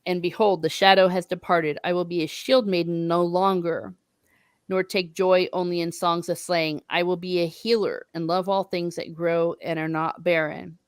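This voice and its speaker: Woman reading a proud warrior maiden, grave and formal, fairly low voice, dry. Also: fairly even intonation, moderate pace, clear, resonant tone, no room sound, close to an everyday voice. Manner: read aloud from a book, formal and grave. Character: proud grieving young noblewoman, a warrior maiden.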